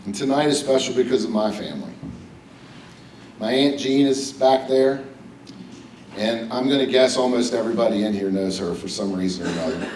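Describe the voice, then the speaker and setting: This hall of fame acceptance speech comes from a middle-aged man from West Virginia, USA, who keeps it personal and full of jokes at a podium before a banquet hall audience. His mid-range voice is a little mellow, at normal speed. The echoey recording has him distant and a bit off mic, with light hiss or hum.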